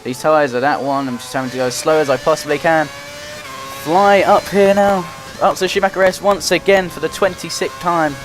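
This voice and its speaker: A young man giving running play-by-play commentary while playing a racing game, getting excited and frustrated as he drives. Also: fairly high pitch, normal speed. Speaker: gaming commentator. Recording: loud game music behind the voice. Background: game music and engine noise.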